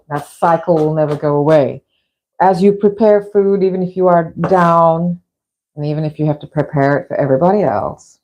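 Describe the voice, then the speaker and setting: A woman's voice: lowish voice, warm tone, poor audio. A middle-aged woman from Fiji chatting in a rambling way while filming a cooking session in her home kitchen. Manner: rambling, chatty, frequent restarts. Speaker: vlog host.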